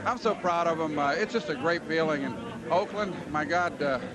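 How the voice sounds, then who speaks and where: A man, a team manager, giving an earnest, halting post-game interview in a celebrating clubhouse. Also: on the high side, rough recording. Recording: loud crowd noise behind.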